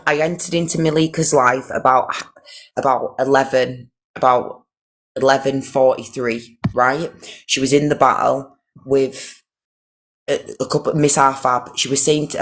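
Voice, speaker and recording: Indignant man, flat voice. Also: mid-range voice, normal speed. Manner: indignant, emphatic, repetitive restarts. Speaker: live stream host. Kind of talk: live-stream commentary.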